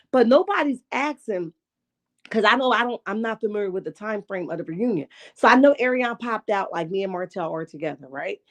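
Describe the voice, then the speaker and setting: A woman hosting a reality-show recap, talking in a casual, sassy and profane way, her voice a bit raspy this morning. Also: medium pitch. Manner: sassy, profane, rhetorical asides with "okay?" and "right?". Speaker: reality TV commentary host.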